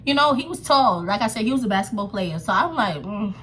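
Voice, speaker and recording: A young woman vlogger telling a story in a sassy, animated way, full of slang and fillers. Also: mid-range voice, fast talker, a little hiss or hum. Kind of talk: casual storytelling to camera.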